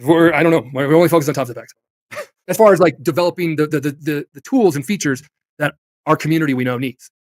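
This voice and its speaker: Rambling, fast, slightly high-voiced man. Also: dry recording. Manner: rambling, many restarts and asides. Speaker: company executive guest. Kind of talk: casual talk-show chat.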